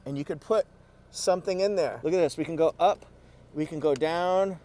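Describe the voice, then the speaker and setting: A man giving a casual, excitable walkaround review from inside a pickup truck cabin, exclaiming and repeating phrases playfully. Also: fairly high pitch, moderate pace, a little hiss or hum. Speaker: car reviewer.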